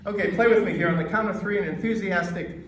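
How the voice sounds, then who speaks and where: A man's voice: high voice, a bit bright, far from the mic, a little hiss or hum. Emphatic American man lecturing in an echoey hall. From United States. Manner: emphatic, with pauses and demonstrations. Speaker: presentation coach. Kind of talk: lecture to a live audience. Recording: echoey hall recorded from afar.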